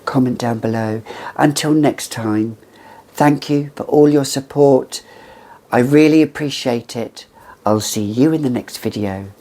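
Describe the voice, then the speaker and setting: A woman's voice: a bass voice, measured pace, dark tone. A woman in her fifties reviewing fragrances in a chatty, theatrical way with gushing asides. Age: 50s. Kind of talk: casual chat to camera.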